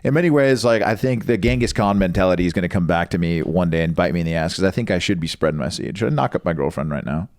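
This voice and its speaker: Deep, lively-voiced rambling man. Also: fast talker, few pauses. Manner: rambling and profane. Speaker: podcast co-host. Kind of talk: casual chat.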